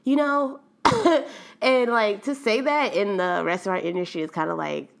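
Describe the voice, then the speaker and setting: A young adult woman hosting a podcast, telling a story in a chatty, animated way and laughing often. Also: medium pitch, moderate pace, creaky. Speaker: podcast host. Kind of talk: casual storytelling monologue.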